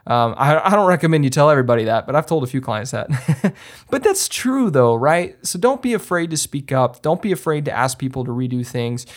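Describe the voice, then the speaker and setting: A man's voice: quick pace, few pauses. Emphatic man hosting a podcast. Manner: emphatic, frequent ums and restarts; lively swings up in pitch when stressing a point. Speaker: podcast host and filmmaker. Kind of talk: casual instructional talk.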